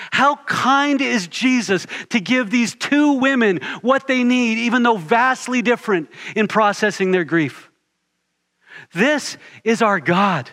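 A preacher delivers a sermon with earnest, steadily building cadence, hammering his points home by repeating short phrases. His voice sits on the high side for a man and has a fairly bright tone.

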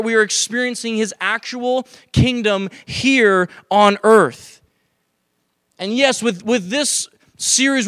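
Male pastor, high voice, dry close sound, lively sermon delivery with acted-out asides. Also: no echo. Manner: animated, acts out voices in quoted asides. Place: church sanctuary.

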